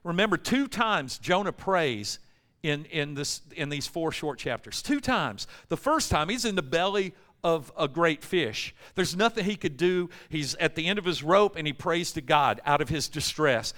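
A man's voice: fairly high pitch, lively intonation, normal speed, a bit bright. A man preaching a casual, joking sermon in a church, acting out prayers, with fillers along the way. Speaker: pastor. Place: church sanctuary. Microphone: amplified microphone, loud in the room.

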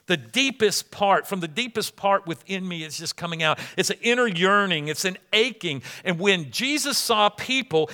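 A man preaching a sermon as pastor, dramatic, swinging between loud and hushed. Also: fairly high pitch. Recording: long hall reverb.

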